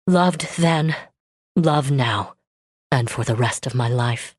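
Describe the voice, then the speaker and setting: A woman's voice: a bass voice, slow, darkish tone, slightly rough, no echo, studio quality, voice pushed down, exaggerated voice. A woman reading a strained, earnest man confessing. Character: man pouring out a long-held love.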